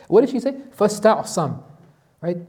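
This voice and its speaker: A man's voice: high-pitched, big pitch swings, racing, warm tone. A man teaching a Quran lesson as an imam, asking his class questions and reciting Arabic verses.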